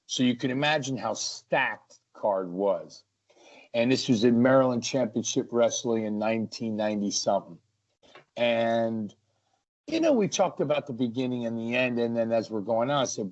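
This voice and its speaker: A man, a wrestler, telling stories from the ring as a guest in an energetic, animated way. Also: mid-range voice, moderate pace. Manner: energetic, acts out ring action. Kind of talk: animated storytelling. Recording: lo-fi muffled audio.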